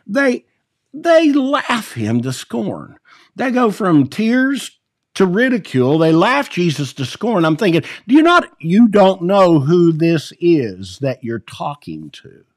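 Animated, slow-paced male preacher. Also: a little high, no echo, clean studio sound. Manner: animated, stumbles and repeats words, acts out scripture quotes; laughs between points. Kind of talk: sermon.

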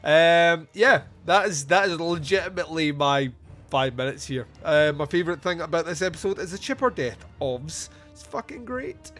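A man's voice: on the high side, normal speed, fairly bright tone, faint music behind. A man hosting a podcast who reviews a film in a casual, joking and profane way. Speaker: podcast host.

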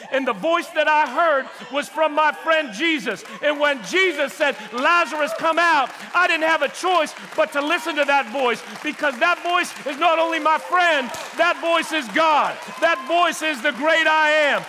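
A man's voice: very high-pitched, noisy background. A man voicing Lazarus, a man raised from the dead, giving emphatic, insistent testimony in a courtroom-style sermon.

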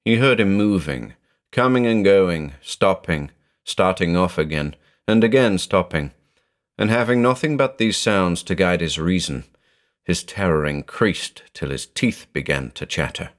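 A man reading a horror story aloud in a dramatic, measured narration. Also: low-pitched, animated.

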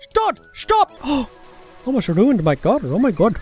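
A person giving comedic gameplay commentary in an excitable way, gasping and exclaiming often. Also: mid-range voice, unhurried, breathy edge, faint music behind.

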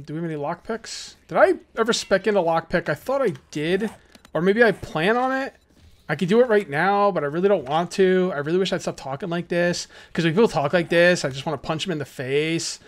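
Excitable chatty male gamer. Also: high voice. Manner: chatty and excitable, rambling asides. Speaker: gaming YouTuber. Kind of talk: casual let's-play commentary.

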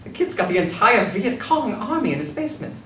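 An actor reading a smug, bickering government agent with a mocking tone. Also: male voice, sits high, big pitch swings, a little fast, sharp tone, slight background noise, exaggerated voice. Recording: echoey room, distant mic.

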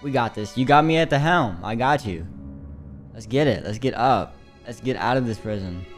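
A man's voice: mid-range voice, lively intonation, normal speed, soft background music. A man in his late teens chatting casually to viewers as he plays a game. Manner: chatty, slangy, talks to viewers. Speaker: gaming youtuber.

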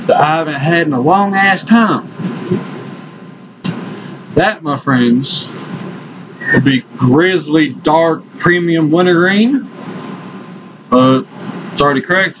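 A man's voice: on the high side, takes it slowly, long pauses. A young man, vlogging in a rowdy, profane rant while talking with tobacco in his lip. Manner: rowdy, swears constantly. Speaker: vlogger reviewing dip. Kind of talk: casual profane vlog rant. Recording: dull lo-fi audio with loud background noise.

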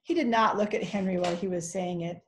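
A woman reading a children's chapter book aloud in a steady, clear storytelling manner. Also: fairly low pitch, fast, a little hiss or hum. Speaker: reader.

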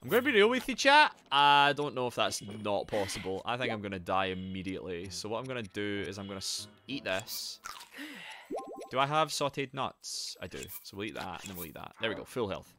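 A man streaming a video game live. He is excitable and sweary, and chats to his viewers while he plays. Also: on the low side, quick pace, hardly any pauses, slight background noise. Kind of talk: live gameplay commentary.

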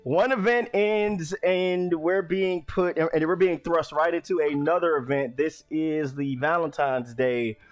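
A man casually streaming a game, rambling and restarting his sentences, sometimes bursting into loud exclamations. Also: a little high, unhurried, few pauses. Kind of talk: casual let's-play commentary.

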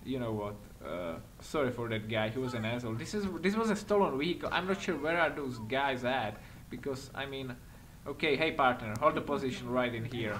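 A man giving excitable let's-play commentary while acting as a patrol cop in a game, speaking non-native English with small slips, swearing and laughing often. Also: medium pitch, brisk, few pauses, slight background noise. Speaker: gaming commentator.

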